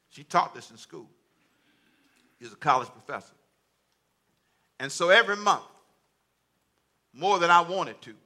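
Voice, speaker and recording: High, forceful preaching man. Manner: folksy, repetitive preaching with call-and-response. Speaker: pastor. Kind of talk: sermon. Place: church before a congregation.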